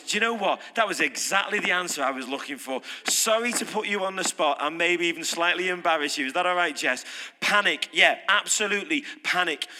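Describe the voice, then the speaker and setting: A British man preaching a sermon, lively and conversational, putting questions to his congregation. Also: high voice. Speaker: pastor. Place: church hall. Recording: reverberant hall.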